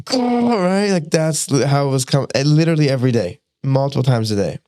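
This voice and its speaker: A young man, a podcast guest, telling a personal story in a casual, animated way, acting out quotes and laughing often. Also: mid-range voice, fast talker, clean tone, dry recording, clean studio sound. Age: young adult.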